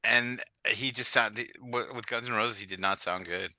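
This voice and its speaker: A man hosting a podcast interview, relaxed and asking guiding questions. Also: on the low side, moderate pace, dry recording. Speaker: podcast host. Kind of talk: casual interview chat.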